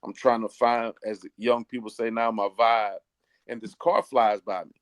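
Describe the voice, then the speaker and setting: A middle-aged man, a pastor, tells his life story with earnest feeling, slowing down to let the key moments land. His voice sits at an ordinary middle pitch, and the recording is dry and close, with no room sound. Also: steady tone, no echo. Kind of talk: personal testimony in an interview.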